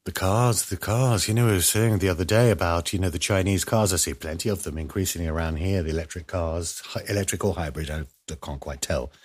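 A man with a fairly low voice hosts a casual news commentary. He rambles from point to point, drops jokey asides and often lets his words sink into a murmur. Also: brisk, few pauses.

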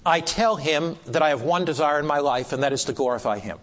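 A man preaching in a slightly high voice, emphatic and deliberate, often repeating a phrase and drawing out the words that matter. His voice rings with a long reverb, as in a large hall. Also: fairly bright tone. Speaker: preacher teaching a Bible class. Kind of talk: sermon.

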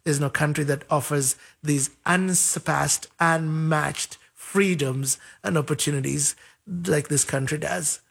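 Animated husky-voiced man telling stories. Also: a little high, unhurried. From Africa. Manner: animated, acts out quoted voices, repeats words. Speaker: interview guest. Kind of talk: conversational storytelling.

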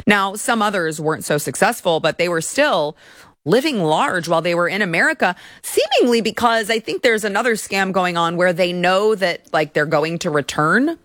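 A young woman hosts a commentary show with a lowish voice and a biting, sarcastic edge. She mocks and scoffs as she talks. The sound is dry and close, with no room around it. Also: animated, moderate pace, fairly bright tone, no room sound. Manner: sarcastic, mocking. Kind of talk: opinionated commentary.

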